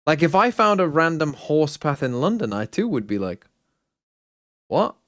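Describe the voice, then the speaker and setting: A man's voice: on the high side, very animated, moderate pace, a bit bright, no room sound, clean studio sound. A man co-hosting a stream, chiming in with wry, teasing remarks. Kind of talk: casual chat.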